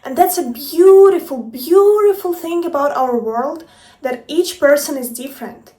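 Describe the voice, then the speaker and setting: In her relaxed motivational vlog, a female life coach addresses viewers playfully and emphatically, swearing without restraint. Her voice is high, animated, and mellow at a measured pace, heard from afar in an echoey room.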